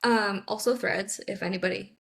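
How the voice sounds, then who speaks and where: A woman tarot reader, a podcast guest, talking in a relaxed, easygoing way over a video call. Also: mid-range voice, moderate pace, vocal fry. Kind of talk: casual chat.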